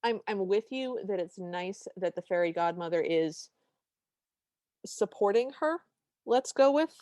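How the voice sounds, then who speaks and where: A woman's voice: mid-range voice, animated, a little slow, a little mellow, no echo. A woman co-hosting a podcast, talking in an emphatic, indignant way and often repeating a point for effect. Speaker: podcast co-host. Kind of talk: casual chat.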